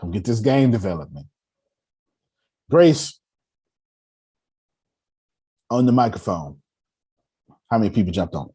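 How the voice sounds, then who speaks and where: A man's voice: lowish voice, big pitch swings, normal speed, warm tone, husky. A man coaching a group on a call, talking in an emphatic, repetitive, preacher-like cadence. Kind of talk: motivational talk.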